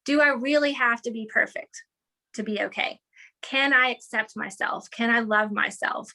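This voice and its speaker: A somewhat high, creaky-voiced woman lays out an idea during an interview. Her manner is lively and instructive, peppered with check-ins like "okay" and "right?"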